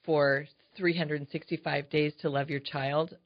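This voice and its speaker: An older woman co-hosting a casual chat show, talking in a chatty, animated way. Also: low voice, unhurried, dry recording. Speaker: co-host. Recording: dry, dull lo-fi sound.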